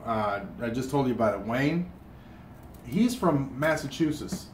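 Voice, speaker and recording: A man's voice: medium pitch, lively intonation, unhurried. Southern man rambling in a roomy hotel room. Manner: rambling, many restarts and fillers. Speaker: cooking vlogger. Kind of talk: casual chat while cooking. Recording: roomy, distant mic, faint room hum.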